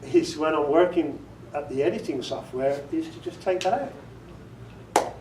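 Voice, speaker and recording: In a meeting room full of people, a man with a slightly high voice talks at a measured pace about narrating audiobooks. His casual workshop style is chatty and self-amused, with frequent laughter and demonstrated inflections. The recording is very noisy, echoey, and captured from a distance.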